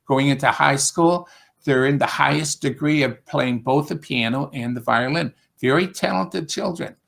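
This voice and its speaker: A man's voice: medium pitch, creaky, a bit bright. A man with an upstate New York accent talking casually on a video call, rambling with fillers and restarts as he describes teaching English. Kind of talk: casual conversation.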